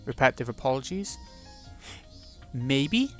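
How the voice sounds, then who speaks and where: A man with a voice of middling pitch reads a visual novel aloud at an even pace, now and then dropping into quiet asides to himself. Faint game music plays in the background. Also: measured pace. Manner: reads narration steadily, muttering asides to himself between passages. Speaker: let's play host.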